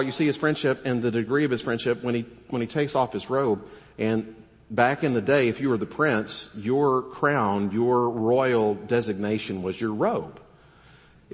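A man preaching a sermon, animated and full of rhetorical questions, now and then acting out quoted voices. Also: medium pitch. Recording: long hall reverb.

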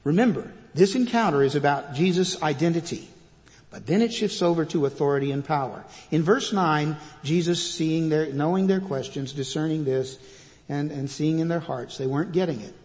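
A man preaching a sermon as pastor, reading scripture loudly and dropping to quiet asides. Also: a little high, moderate pace, long reverb tail.

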